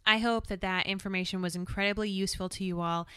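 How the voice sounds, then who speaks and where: A woman's voice: medium pitch, steady tone, fast talker, sharp tone, clean tone, no room sound, clean studio sound. A woman co-hosting a podcast interview, upbeat and friendly as she asks questions and wraps up. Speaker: podcast co-host.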